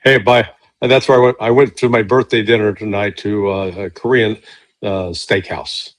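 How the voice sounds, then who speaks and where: A man with a low voice, talking in a relaxed, easygoing way as a podcast guest. He often restarts his sentences, and the recording is dry and close, with no room sound. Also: dry recording. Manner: relaxed, agreeable, halting restarts. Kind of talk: casual conversation.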